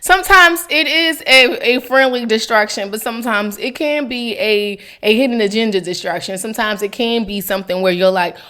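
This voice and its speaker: A woman's voice: a little high, normal speed, hardly any pauses, pushed and bright. A woman hosting a casual faith vlog, chatty and giggly, talking straight to her viewers. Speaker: devotional vlogger.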